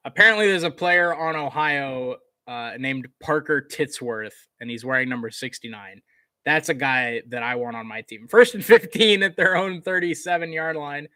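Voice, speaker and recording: A man giving casual live play-by-play commentary on a college football game, chatty, with fillers, getting excited on big plays. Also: fairly high pitch, normal speed, dry recording, clean studio sound.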